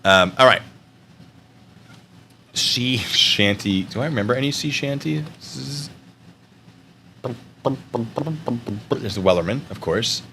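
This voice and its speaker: A man's voice: mid-range voice, animated, takes it slowly, gravelly, long pauses, sharp tone, slight background noise. A man chatting casually on a livestream, rambling and joking as he thinks aloud. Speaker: streamer.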